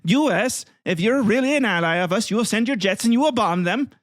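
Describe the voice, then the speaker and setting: A man's voice: sits high, lively intonation, a little fast, no room sound, clean studio sound, voice pushed up. A man voicing an exasperated, angry male leader who rants and makes demands. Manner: ranting, demanding.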